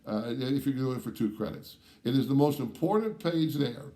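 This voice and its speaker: A man's voice: medium pitch, moderate pace, mellow. A man teaching a course, explaining its requirements step by step and often checking in with "all right?", stressing key points. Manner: emphatic, stresses key words. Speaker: course instructor.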